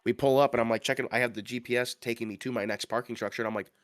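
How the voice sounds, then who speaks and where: A man's voice: medium pitch, fairly even intonation, very fast, no room sound, studio quality. A man co-hosting a podcast, telling a story in casual chat, rambling with lots of fillers and restarts. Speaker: podcast co-host.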